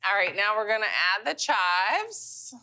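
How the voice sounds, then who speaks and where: Bright West Virginian woman cook. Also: mid-range voice, big pitch swings, unhurried. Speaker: chef presenting a recipe. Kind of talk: casual cooking-show chat.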